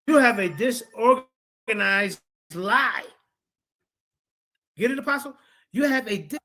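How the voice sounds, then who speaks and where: A man's voice: very high-pitched, pushed and bright. A man hosting a livestream, combatively rebutting a rival and reading out sources with lots of repeated phrases. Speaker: streamer host.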